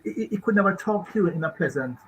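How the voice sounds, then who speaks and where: A man's voice: high voice, expressive, quick pace, fairly bright tone, slight background noise, poor audio. A man with a Jamaican accent, a guest expert on a radio talk show, talking emphatically in rambling rhetorical questions.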